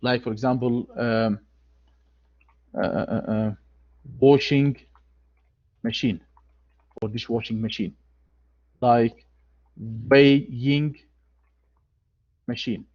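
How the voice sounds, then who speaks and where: Slow, repetitive male grammar teacher. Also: medium pitch, fairly even intonation, a little mellow, highs cut off. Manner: slow, deliberate, repeats key phrases. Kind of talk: online grammar lecture.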